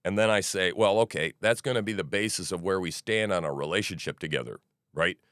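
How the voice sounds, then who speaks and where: A man's voice: low-pitched, fairly quick, fairly bright tone, no room sound, studio quality. A middle-aged man hosting a podcast, rambling through news commentary with profanity, restarts and asides. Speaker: podcast host.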